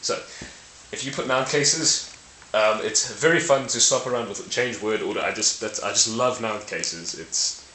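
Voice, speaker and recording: A man talks to camera in a lowish voice with a bright, forceful edge. He explains in a loose, playful way, trips over his words, fixes them, and chuckles at himself. The sound is roomy with a faint hiss. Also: a little slow. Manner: playful, self-correcting, laughs at own slips. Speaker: language video host. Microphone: camera mic.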